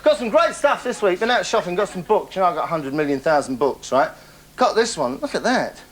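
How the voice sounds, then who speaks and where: A man's voice: sits high, sing-song, a little fast, a little hiss or hum. A man hosting a comic monologue, boastful and rambling, chuckling at his own stories. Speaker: comedy character host.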